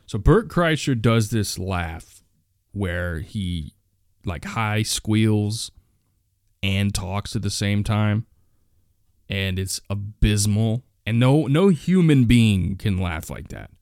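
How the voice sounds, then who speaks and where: Male solo podcaster, young, blunt and profane, slow unhurried delivery, dry close sound. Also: lowish voice, animated, a little mellow, no room sound. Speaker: podcast host.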